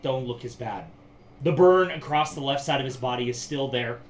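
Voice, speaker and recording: A man narrating a tabletop game as game master, describing scenes slowly and vividly. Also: medium pitch.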